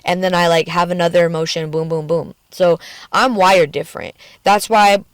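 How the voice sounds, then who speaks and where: A woman talks frankly into her phone in a personal vlog, her speech emotional and peppered with swearing. Her voice sits a little low for a woman. The sound is dry and close, with no room around it. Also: fairly even intonation, normal speed, smooth, no room sound. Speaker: vlogger. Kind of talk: candid personal vlog rant. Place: in a car at the beach.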